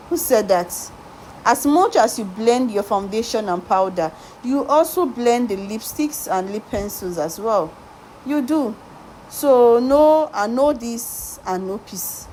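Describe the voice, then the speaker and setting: A woman's voice: mid-range voice, expressive, takes it slowly, a little mellow, a little hiss or hum, poor audio. A woman makeup artist narrating a tutorial, talking straight to her viewers, repeating words for emphasis and asking rhetorical questions. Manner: talks directly to viewers, coaxing and reassuring.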